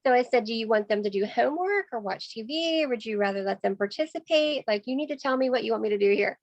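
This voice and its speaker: A woman sales consultant, telling a lively story on a video call, acting out voices and laughing often. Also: fairly high pitch, quick pace, dry recording, dull audio.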